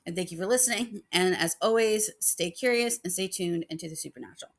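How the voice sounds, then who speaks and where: A woman's voice: fairly low pitch, fast. A woman hosting a paranormal channel, chatting casually and rambling with many fillers, emotional about her dog. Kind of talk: casual chat.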